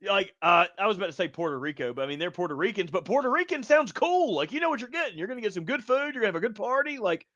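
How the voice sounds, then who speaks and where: A playful man co-hosting a sports podcast, with a bright voice that swings up and down a lot. The sound is dry and a bit dull and lo-fi, and he banters and laughs through the chat. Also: high voice, animated, rapid-fire, few pauses, no echo. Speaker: podcast co-host.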